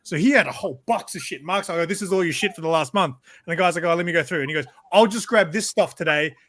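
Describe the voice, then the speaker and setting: A man's voice: high voice, fast, fairly bright tone. A man telling rambling, profane stories in a casual group chat, laughing at himself. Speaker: regular in a group hang-out.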